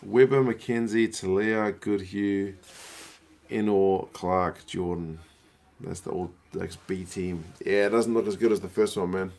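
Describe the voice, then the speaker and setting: A young New Zealand man chatting casually as he watches rugby live, reacting loudly and answering viewer comments. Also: low-pitched, unhurried. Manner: excitable, slangy, reads out viewer comments.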